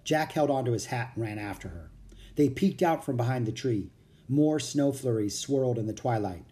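Storybook narrator, lively pitch, mellow warm tone. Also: moderate pace. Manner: expressive, animated reading. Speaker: audiobook reader.

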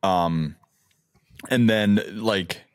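A man with a lowish voice co-hosts a podcast in relaxed, casual chat. He rambles through his stories with fillers and frequent laughter. The sound is close and dry. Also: very slow, dry recording. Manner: rambling storyteller, laughs often. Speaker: podcast co-host.

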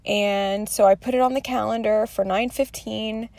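A woman's voice: medium pitch, fairly even intonation, moderate pace, vocal fry, darkish tone, dry recording. A woman in her thirties talking candidly through her day in a rambling, confessional vlog, swearing freely. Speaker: mother sharing her day.

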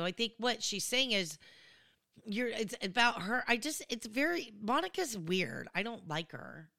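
A woman's voice: medium pitch, expressive, unhurried, sharp tone, no room sound, studio quality. A woman giving casual, opinionated commentary on a reality show, acting out what people said in different voices. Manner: chatty, opinionated, acts out quotes in voices.

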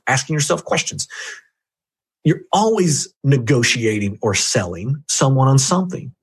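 A man with a very husky, rough-edged voice talks in an emphatic coaching style, his pitch leaping up and down as he drives each point home. His voice sits at a middling pitch. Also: a little mellow. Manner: emphatic, jumpy pitch, direct address to listener. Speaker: guest reviewing a book on sales. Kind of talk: energetic coaching talk.

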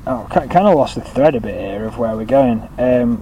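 A man's voice: mid-range voice, moderate pace. Giggly, rambling man with background hiss. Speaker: podcast co-host. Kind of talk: crude casual chat.

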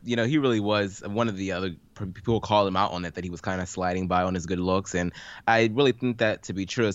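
A man's voice: deep voice, dry recording, lo-fi sound. A man co-hosting a podcast, chatting casually about a game show with frequent ums and repeated words. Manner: relaxed, speaks with ums and repeats. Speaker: podcast co-host. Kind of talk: casual podcast recap chat.

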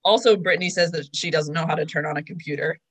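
A woman's voice: low voice, fast talker, slightly rough. A young woman co-hosting a podcast, casually recapping a TV episode, chatty and full of fillers. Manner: chatty, filler-heavy, storytelling. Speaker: podcast co-host.

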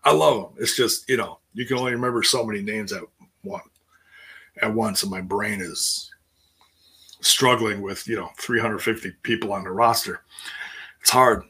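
A man with a husky, bright-edged voice talks through a wrestling recap in a loose, rambling way. He restarts his sentences often and jumps up in pitch when he acts out what people said. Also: steady tone, normal speed, pauses often. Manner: rambling and self-interrupting, acts out quotes in a higher voice. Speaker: wrestling show recap host. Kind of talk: casual wrestling recap chat.

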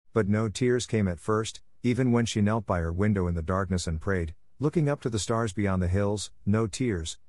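A man reads a classic novel aloud in a calm, measured audiobook style. His voice sits low, and the recording is dry and close. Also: no echo. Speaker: narrator. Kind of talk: scripted audiobook narration.

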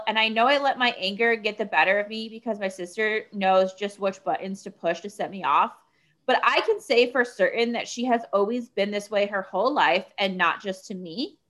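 A woman reading a written post aloud in a steady, measured way. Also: mid-range voice.

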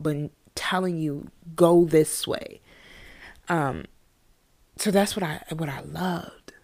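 Young woman, low and fry-heavy voice, casual animated storyteller. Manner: conversational, animated with quoted voices, frequent "you know what I mean". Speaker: podcast guest or host sharing a personal story.

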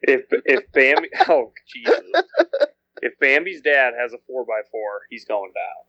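A man's voice: medium pitch, very animated, unhurried, creaky, sharp tone, no echo. Teasing man on a dull podcast line. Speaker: podcast co-host. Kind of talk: casual chat.

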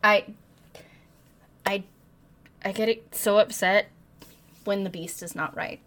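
Speaking slowly at medium pitch with fairly even intonation, a woman co-hosting a casual book podcast recaps the plot with swearing and dramatic flair, in a book-club style chat.

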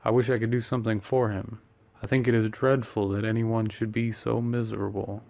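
A man voicing an earnest, kind-hearted young gentleman who is easily flustered. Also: fairly low pitch, little pitch movement, fairly quick, creaky.

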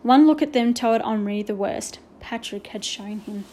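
A woman narrating a children's storybook aloud in a clear, expressive way. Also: a little high, normal speed.

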